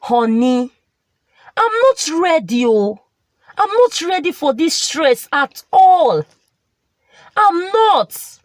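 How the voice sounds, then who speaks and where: A woman voicing a bitter newlywed woman who scolds and whines in a high, shrill voice. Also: sing-song, takes it slowly, dry recording, full character voice. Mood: sulking.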